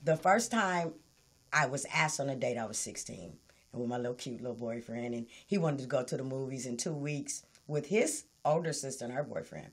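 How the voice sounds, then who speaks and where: A woman's voice: very deep voice, animated, brisk, slightly rough. A woman telling a personal story in casual podcast chat, acting out quotes and laughing often. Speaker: podcast host.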